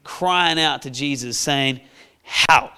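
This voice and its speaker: A man preaching a sermon, telling a Bible story in a playful, lively way. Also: high-pitched, normal speed, clean tone. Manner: storytelling, playful, acts out characters with shouts.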